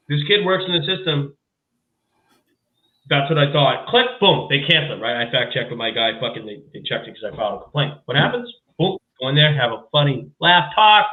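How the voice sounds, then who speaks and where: A podcast host, a man with a medium-pitched voice, talks a little fast while telling a story in a casual chat, swearing freely and acting out other people's lines. His animated, profane delivery sounds echoey, and the audio is narrow and tinny.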